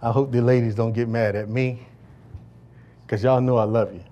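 A male pastor delivering a sermon to a congregation, joking and asking the listeners to fill in words, swinging between loud declarations and low asides. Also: fairly even intonation, moderate pace, highs cut off, a little hiss or hum. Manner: call-and-response preaching, asks congregation to fill in words. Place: church service before a congregation.

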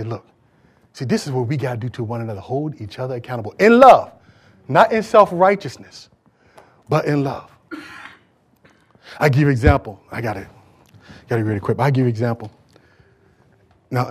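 A man's voice: mid-range voice, lively intonation, normal speed, pauses often, slightly rough. A man preaching a sermon in a church, emphatic and conversational, repeating words as he drives his points home. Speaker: pastor.

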